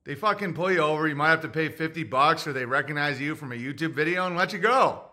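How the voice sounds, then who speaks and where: High bright guy rambling crude jokes on his podcast, reads listener notes out loud. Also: fast. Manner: reads listener messages aloud. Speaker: podcast host. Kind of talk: casual comedic rant.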